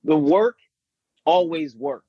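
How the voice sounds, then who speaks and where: Guy coach telling stories, kinda high voice, dry dull audio. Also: takes it slowly, slightly rough, no room sound. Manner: animated storyteller, mimics voices. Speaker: business coach. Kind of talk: casual conversation.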